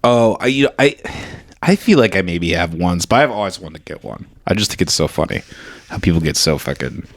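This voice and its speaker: A man's voice: sits low, animated, fairly quick. A man, co-hosting a podcast in casual chat, giggly and full of filler words. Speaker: podcast co-host.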